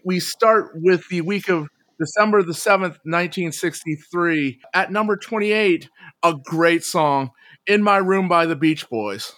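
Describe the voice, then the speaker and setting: A man's voice: sits high, measured pace, a bit bright. A man hosting a music podcast, introducing the episode and chatting about songs. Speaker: podcast host. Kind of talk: casual music chat.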